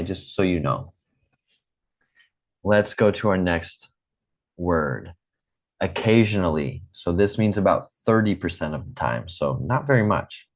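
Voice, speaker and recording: Low-voiced male English teacher, patient and deliberate, leading repetition drills over a video call. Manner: slow, patient, repeats drills for students. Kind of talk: online English lesson.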